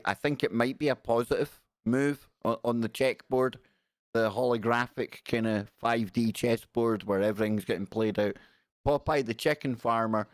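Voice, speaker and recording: This live-stream host, a man in his forties, has a mid-range voice recorded at studio quality without any room sound. He rambles and jokes through casual chat while reading out messages from viewers.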